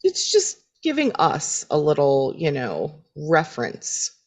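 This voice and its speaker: A woman's voice: low voice, wildly swooping pitch, slow. A woman co-hosting a podcast, chatting casually about a TV episode, laughing often and quoting characters. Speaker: podcast co-host. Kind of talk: casual recap chat.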